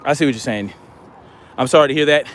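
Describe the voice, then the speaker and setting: A man's voice: medium pitch, fast, fairly bright tone, slight background noise. A man hosting a livestream, reading viewer comments aloud and answering them in casual chat. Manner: reads viewer comments aloud and responds conversationally.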